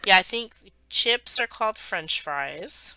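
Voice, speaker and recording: A woman's voice: medium pitch, lively intonation, slow pace, pushed and bright, no room sound. A woman from the United States, hosting a craft channel and rambling chattily through a travel story while she works. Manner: rambling, chatty, self-correcting.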